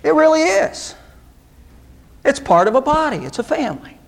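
A man's voice: very high voice, sing-song, moderate pace, gravelly. A male pastor preaching a sermon, earnest and direct, with pointed rhetorical questions to the congregation.

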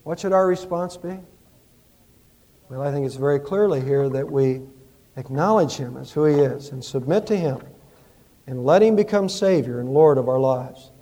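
A man preaching a Christmas sermon in a church, with impassioned rises and hushed storytelling. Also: mid-range voice, lively intonation, normal speed. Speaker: pastor.

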